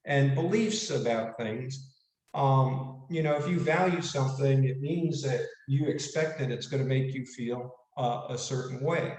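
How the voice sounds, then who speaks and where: Animated man lecturing in an echoey room. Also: medium pitch. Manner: animated, casual, asks the audience questions. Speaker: speaker giving a leadership talk. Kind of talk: motivational lecture. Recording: echoey room, mic at a distance.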